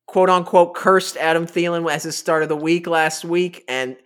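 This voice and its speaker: Wry bright-voiced man. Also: a little high, steady tone, normal speed, clean tone. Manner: wry, dry teasing. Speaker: podcast co-host. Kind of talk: casual fantasy football chat.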